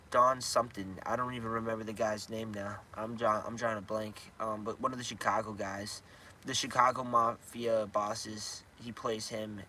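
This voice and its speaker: A man's voice: on the low side, pushed and bright, slight background noise. A man chatting casually on a live stream, rambling and restarting his sentences, chuckling now and then. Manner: rambling, restarts often, chuckles while retelling scenes.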